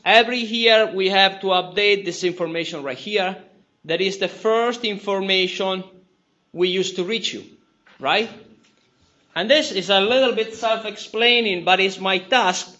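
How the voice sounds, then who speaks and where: A man's voice: high-pitched, pushed and bright, reverberant. Italian guy teaching a class, keeps saying right?, muffled and far away. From Italy. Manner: chatty, repeats key words, checks in with "right?". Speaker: university instructor. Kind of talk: lecture to a class. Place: lecture hall.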